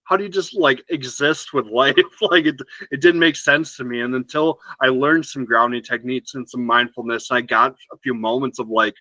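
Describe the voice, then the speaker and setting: A man's voice: mid-range voice, sharp tone, no room sound, poor audio. A man who is a podcast guest, talking earnestly and reflectively in casual conversation, often restarting his sentences.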